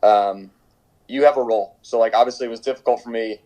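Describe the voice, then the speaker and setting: Quick-paced but mellow and steady, this medium-pitched voice comes through a rough recording with slight background noise. A young professional soccer goalkeeper, interviewed as a guest from home in quarantine, tells rambling stories laced with fillers and restarts.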